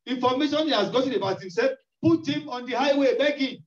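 A man's voice: extremely high pitch, fast. A man preaching a sermon in an emphatic, repetitive style, his voice rising into cries. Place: church hall. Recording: echoey distant lo-fi church recording.

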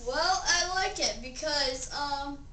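Woman doing a deep-voiced celebrity host, rambling guest in a homemade skit, distant mic, noisy. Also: bright, forceful tone, roomy sound, exaggerated voice. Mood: chatty. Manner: rambling and halting. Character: impression of a famous female talk show host. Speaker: guest on a pretend talk show. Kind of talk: home video skit.

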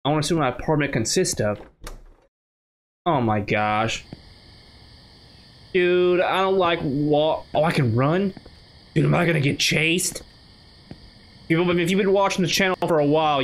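A man's voice: on the high side, a bit bright. A man from the United States giving chatty, casual commentary while playing a game, thinking aloud with many restarts. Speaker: gaming channel host. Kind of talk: casual let's-play commentary.

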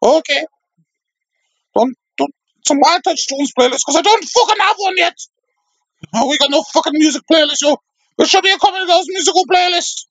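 A man voicing a cheeky, crude comedy doll that chatters and giggles in a high put-on voice. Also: a little fast, long pauses, a bit bright, no room sound. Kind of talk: comedic puppet commentary.

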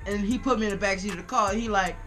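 Young male vlogger, bright voice, laid-back slangy storyteller. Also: sits high, very fast, soft background music. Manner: laughing often, relaxed slangy retelling. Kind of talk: casual storytelling.

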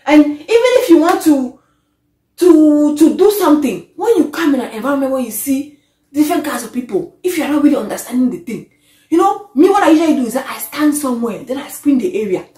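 A woman, vlogging an animated, exasperated rant to camera that often trails off. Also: high-pitched, brisk. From Africa. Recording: echoey room.

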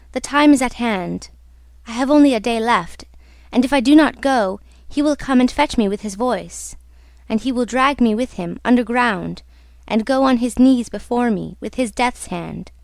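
A woman's voice: a little high, dry recording. A woman reading as a frightened young singer. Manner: pleading, trembling.

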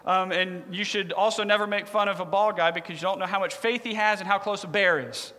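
Bright-voiced joking male preacher. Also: sits high, fairly quick, big-room sound. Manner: joking, conversational, animated. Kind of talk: humorous sermon storytelling.

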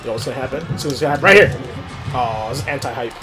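A young man playing a wrestling game with a friend, shouting hyped reactions and cursing. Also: medium pitch, very fast. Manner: hyped, loud exclamations and cursing. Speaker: gamer. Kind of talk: excited co-op gameplay chatter. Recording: game music in background. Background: wrestling game music.

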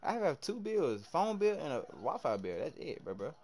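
A young man streaming live, excitably commenting on his game, shouting at teammates and chatting with viewers in heavy slang. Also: on the high side, moderate pace. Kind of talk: live gameplay commentary and chat reading.

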